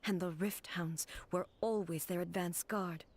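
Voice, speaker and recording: Yae Miko, a sly fox-spirit priestess. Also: female voice, on the low side, steady tone. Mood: grave hush. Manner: measured, formal, aloof. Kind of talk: game dialogue.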